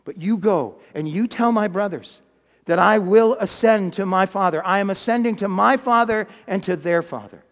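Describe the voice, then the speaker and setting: A man voicing the risen Jesus as a gentle, calm man, speaking softly and steadily in a sermon retelling. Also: high voice, normal speed, in a large hall. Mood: tender urging.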